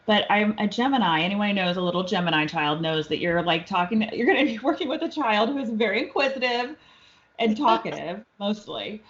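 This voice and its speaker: A woman tells a personal story as a podcast guest, slipping into the voices of the people she quotes. Her pitch sits in a middle range for a woman. The recording is a little dull and lo-fi. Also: lively intonation, brisk. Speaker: guest psychic medium.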